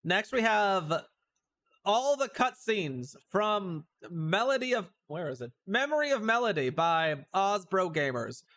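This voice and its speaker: A male streamer giving chatty, animated commentary on a game, with sudden outbursts. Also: high-pitched, unhurried. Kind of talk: casual let's-play commentary.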